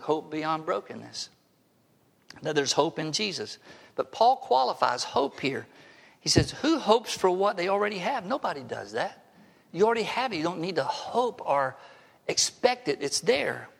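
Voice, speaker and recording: In a church sanctuary with long hall reverb, a pastor in his sixties preaches conversationally, tossing in wry asides. His voice is a little high, sing-song and creaky, at a moderate pace.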